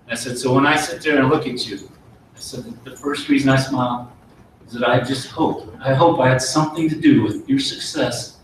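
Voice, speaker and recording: A middle-aged man, an army officer, giving an earnest promotion speech and telling a folksy story with pauses and restarts. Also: mid-range voice, fairly even intonation, recorded from a distance, slight background noise. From United States. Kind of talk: ceremony speech with war story. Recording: very echoey hall, voice from afar.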